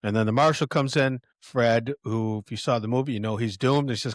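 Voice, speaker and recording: A man's voice: mid-range voice, fairly quick, hardly any pauses, no echo, studio quality. An older man hosting a podcast, casually reading film quotes aloud and rambling through them with many fillers and restarts. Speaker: podcast host.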